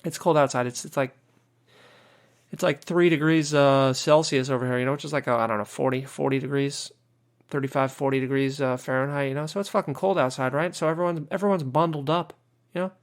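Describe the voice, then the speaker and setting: This American man hosts a podcast, speaking at a brisk clip in a medium-pitched voice with fairly even intonation. His casual rant is packed with swearing and "you know," and he comes across as exasperated.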